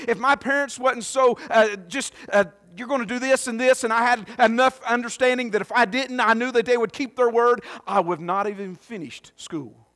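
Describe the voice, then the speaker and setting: A man's voice: extremely high pitch, fairly bright tone, no room sound. A male pastor preaching a folksy, earnest sermon in church, with many restarts and asides. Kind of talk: sermon and prayer. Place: church sanctuary.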